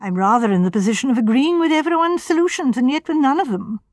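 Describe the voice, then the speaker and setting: A woman's voice: high-pitched, lively intonation, fast talker, dry recording, clean studio sound, voice pushed up. Grizzled old country doctor, modest, tentative, read by a woman. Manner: self-effacing, tentative.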